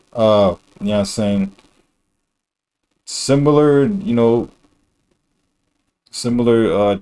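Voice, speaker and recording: A man's voice: lowish voice, warm tone. A male streamer talking in a rambling, slangy and blunt way during a casual reaction stream.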